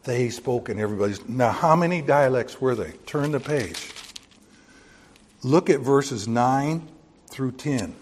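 Man, preacher, folksy sermon, joking asides, emphatic bursts, mid pitch, long hall echo. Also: animated, a little slow.

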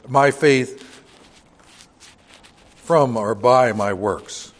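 A man's voice: mid-range voice, measured pace. An older man preaching a Bible-teaching sermon in a church, talking conversationally and asking the congregation rhetorical questions. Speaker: pastor.

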